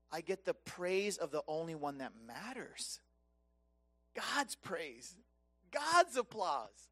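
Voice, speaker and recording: Preacher guy, casual asides then big loud build-ups, drops way down soft. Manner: impassioned, swings from loud emphatic peaks to soft hushed lows. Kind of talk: sermon.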